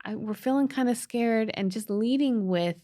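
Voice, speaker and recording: A woman's voice: on the high side, moderate pace, warm tone, no echo, clean studio sound. A middle-aged woman co-hosting a podcast, telling a family story in an earnest, emotional way, with frequent restarts. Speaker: podcast co-host, mother. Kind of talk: casual storytelling chat.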